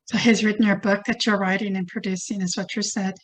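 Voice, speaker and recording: A woman working as a channeler, giving a slow, chanted blessing in light language during a channeling session. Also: medium pitch, little pitch movement.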